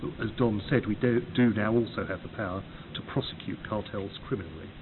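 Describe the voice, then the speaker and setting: Lowish man giving a structured talk. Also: fairly quick. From United Kingdom. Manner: orderly, enumerating points. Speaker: competition agency official. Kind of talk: prepared talk. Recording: tinny phone-like recording with clear hiss.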